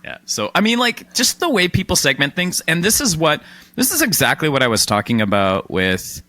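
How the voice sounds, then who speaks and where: A man hosting a podcast in casual chat, animated and quick with self-deprecating asides. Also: on the high side. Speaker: podcast host.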